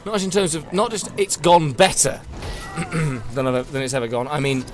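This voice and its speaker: A man's voice: on the high side, expressive, normal speed, music in the background. A man commentating his own gameplay live, chatty and wry, talking to his viewers while tired and yawning late at night. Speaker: game streamer.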